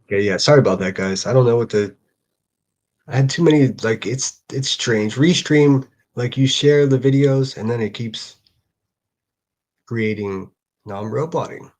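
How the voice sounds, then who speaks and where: A man's voice: mid-range voice, normal speed, a little mellow. A man doing casual reaction commentary on a livestream, blunt and mocking, swearing freely.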